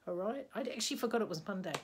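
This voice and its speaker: A woman's voice: mid-range voice, lively intonation, racing, slight background noise. A woman vlogging casually indoors, rambling and chatty, sleepy and yawning. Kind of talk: casual video-reply vlog. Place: indoors, bedroom with a bedspread.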